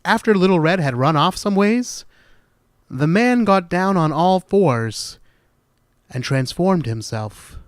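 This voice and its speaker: Slow, dramatic male horror storyteller. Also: high voice, expressive, no echo, studio quality. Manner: slow, deliberate, dramatic, with hushed dark turns. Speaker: storyteller, podcast host.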